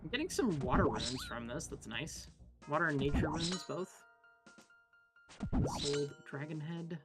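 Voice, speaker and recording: A woman's voice: low-pitched, expressive, a little slow, loud music behind the voice. A woman chatting while playing a game with a friend, blunt and casual, swearing and thinking aloud as she plays. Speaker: co-player guest. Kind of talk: casual chat while gaming.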